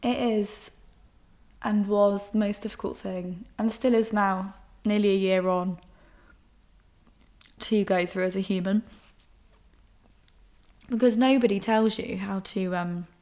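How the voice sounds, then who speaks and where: Frank young woman, flat delivery. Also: medium pitch, slow pace, pauses often. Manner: frank and emotional, swears casually. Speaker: podcast host. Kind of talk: candid personal monologue.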